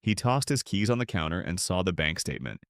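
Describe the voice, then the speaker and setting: An older man narrates a dramatic story in the first person. His voice sits low but swings widely for emphasis, recorded dry and close to the mic. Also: sing-song, a little fast, no echo.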